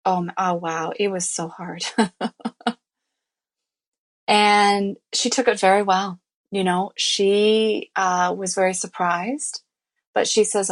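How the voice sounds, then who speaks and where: A woman's voice: mid-range voice, steady tone, slow pace, pauses often. A woman guest on an interview show, telling her own life story candidly and earnestly, full of "you know" and "I mean" fillers. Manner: emotional, reliving events as she tells them. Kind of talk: personal storytelling in a conversational interview.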